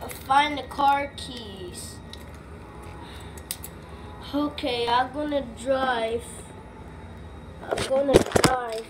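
A woman narrating a toy skit in a slow, rambling way. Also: high voice, background noise. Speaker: video maker. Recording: clear music behind.

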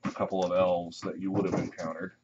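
A man running a tabletop game as dungeon master, relaxed and rambling with many pauses and ums. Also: deep voice, very noisy. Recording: muffled lo-fi recording.

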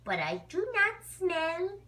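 A woman voicing an eager, greedy male bulldog who waits for cookies and narrates his thoughts in a hushed, conspiratorial way. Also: extremely high pitch, wildly swooping pitch, takes it slowly, voice pushed up, heavily acted. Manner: hushed, conspiratorial inner-monologue.

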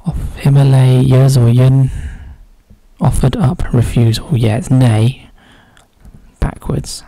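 A man's voice: medium pitch, creaky, dark tone, slightly rough, dry recording, poor audio. A man solving a crossword aloud, musing and muttering clues half to himself. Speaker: crossword solver. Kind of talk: thinking aloud while solving a puzzle.

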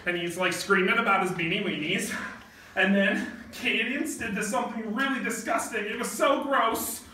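A man's voice: sits high, moderate pace, bright, forceful tone. A man playing a bubbly, ditzy teenage girl who gushes in valley-girl chatter full of "like". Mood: giddy. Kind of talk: comedy skit acting. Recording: echoey room, far from mic, faint noise.

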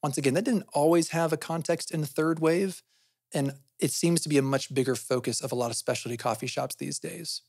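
A man's voice: a little high, brisk, gravelly, darkish tone, dry recording, studio quality. A man hosting a podcast, explaining things in a conversational way and often asking himself questions, then answering them. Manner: often adds "right?" as a tag. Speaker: podcast host.

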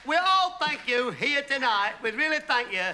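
A man's voice: extremely high pitch, animated, moderate pace. A man, one half of a comedy double act, playing the bumbling, confused stooge in a scripted sketch. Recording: noisy TV studio with audience laughter.

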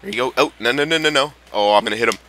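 A young man giving excitable, swearing live commentary while playing a video game. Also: medium pitch, racing. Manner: excitable, swears and yells at players. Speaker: gameplay commentator.

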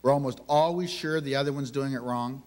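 A man's voice: medium pitch, brisk, a little mellow. A man giving a conversational sermon on parenting, telling family stories and asking the audience rhetorical questions. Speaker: minister teaching on parenting.

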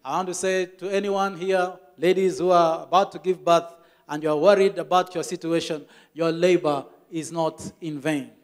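A man's voice: on the high side, steady tone, moderate pace. A Kenyan man preaching a church sermon as the pastor, telling stories with emphatic repetition.

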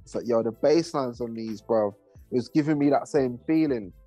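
A man's voice: medium pitch, normal speed, mellow, faint music behind. A man, a rapper and producer talking casually in an interview, laid-back and full of slang. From England. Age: 30s. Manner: laid-back, heavy slang, rambling asides.

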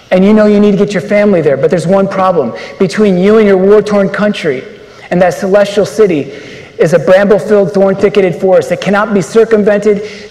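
A man's voice: high-pitched, darkish tone. A man speaking at a men's conference, giving an inspirational religious talk and preaching emphatically with rhetorical questions. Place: large conference hall. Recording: echoey hall reverb.

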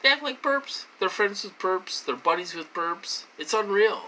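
An adult from the United States ranting into the camera, voice swinging up and down as the frustration builds. The tone is sharply bright and piercing, with repeated words and curses. A faint hum of room ambience sits behind the voice. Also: animated, moderate pace. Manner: agitated, repetitive, swears, pitch swings high when indignant. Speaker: vlogger.

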